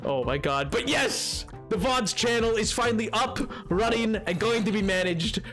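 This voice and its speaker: High-voiced excitable male streamer. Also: normal speed, faint music behind. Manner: excitable, joking, frequent exclamations. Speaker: livestreamer. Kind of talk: casual stream chat.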